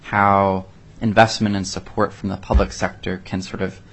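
A man's voice: low voice, little pitch movement, a bit bright. A man asking a long, carefully searching question at a panel discussion. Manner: measured, searching, long-winded phrasing.

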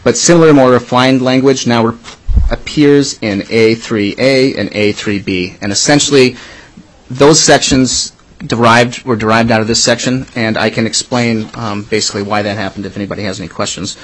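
A man's voice: medium pitch, moderate pace, a little hiss or hum, rough recording. A man presenting bill revisions at a committee hearing, going section by section with many ums and restarts. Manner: methodical section-by-section walkthrough. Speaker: legislative staffer presenting bill changes.

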